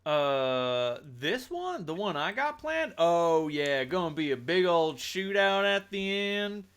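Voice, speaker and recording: A man's voice: on the high side, big pitch swings, slow pace, a bit bright, smooth. A man leads a tabletop game, talking in character with a folksy drawl. His delivery is blunt and easygoing. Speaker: game master voicing a character. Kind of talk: in-character tabletop role-play.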